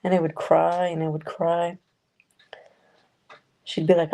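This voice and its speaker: A woman streams from her room at home, chatting loosely with her viewers and swearing freely. Her voice sits low and sounds mellow and relaxed. She rambles from one thing to the next. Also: a little slow, long pauses, poor audio. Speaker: livestream host. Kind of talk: casual chat with live chat viewers. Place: home room with a noisy fish tank.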